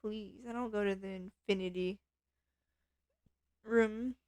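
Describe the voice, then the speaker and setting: A woman's voice: medium pitch, fairly even intonation, slow pace, a little mellow, clear, resonant tone, no room sound. A woman streamer chatting playfully to her viewers while she plays a game. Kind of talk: casual game commentary.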